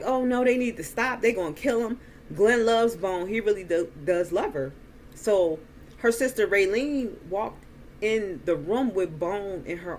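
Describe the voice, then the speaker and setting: A woman slowly retelling a movie's plot in a chatty way, acting out the characters' lines. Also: mid-range voice, slight background noise. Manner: slow, chatty retelling with quoted dialogue. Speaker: movie reviewer. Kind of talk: casual movie recap.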